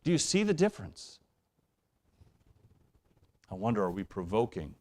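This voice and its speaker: Preaching in a church sanctuary, this evangelist has a low-pitched voice with big pitch swings. He's earnest throughout, alternating between soft, near-whispered passages and quick, rising bursts of feeling.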